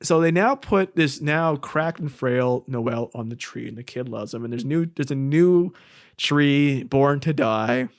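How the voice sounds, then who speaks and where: A podcast co-host recaps in casual chat with sardonic humor, acting out scenes in funny voices. He speaks at a measured pace in a mid-range voice, with clean studio sound and no room sound.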